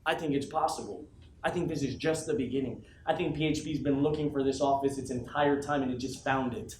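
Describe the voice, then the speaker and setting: A man's voice: medium pitch, steady tone, a little fast, a little hiss or hum. Emphatic man giving a motivational speech. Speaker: motivational speaker addressing his team. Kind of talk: motivational speech to a live audience. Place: large office room with an audience. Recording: echoey room from a distance with faint ambience.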